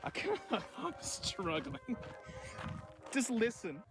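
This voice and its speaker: A man's voice: extremely high pitch, big pitch swings, drawn-out words, music in the background. An Australian man chatting casually outdoors in remote bushland, joking and talking to the things he finds as he goes. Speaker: streamer. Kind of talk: casual vlog chat.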